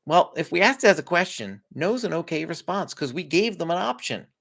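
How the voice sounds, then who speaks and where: A man walks parents through a routine in a friendly, conversational teaching style. His voice sits a little high and moves a lot in pitch. He chuckles often between points. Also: brisk, vocal fry. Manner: lively, conversational, laughs often. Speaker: parenting coach. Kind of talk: instructional talk to parents.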